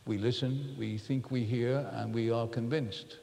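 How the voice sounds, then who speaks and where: A man's voice: mid-range voice, fairly even intonation, a little slow, creaky, dark tone, slight background noise. A man giving a personal, confessional talk to a live group, earnest and reflective as he speaks to the room. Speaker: workshop speaker. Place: large room with an audience. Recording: reverberant hall.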